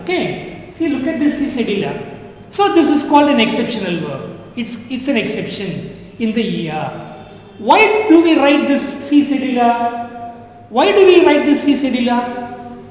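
A man's voice: very high voice, a little mellow. A man teaching a French lesson in a drilling classroom style, repeating points and asking if students understand. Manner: repetitive, drilling, asks "understand?". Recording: echoey room with long reverb.

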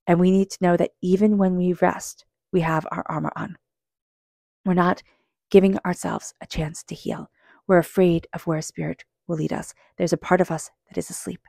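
A woman giving a psychic tarot reading, earnest and speaking straight to the listener, calm with slow passages. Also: lowish voice, creaky, dry recording, studio quality. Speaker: tarot reader.

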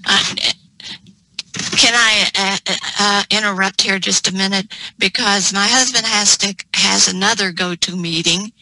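Bright-voiced woman on a video call. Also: mid-range voice, fairly even intonation, unhurried, slight background noise, low-quality recording. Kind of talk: casual chat.

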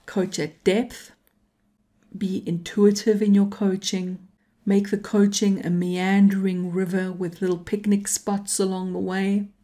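A woman teaching coaching skills in a calm, emphatic tutorial, sometimes dropping to a whisper for emphasis. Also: mid-range voice, a little slow. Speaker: coaching instructor. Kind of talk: tutorial talk to camera.

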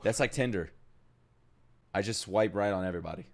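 A young man hosting an anime reaction, talking casually, swearing and swinging between loud outbursts and low mutters. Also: a little fast, gravelly. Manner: loud, excitable, swears, jumps between shouting and mumbling.

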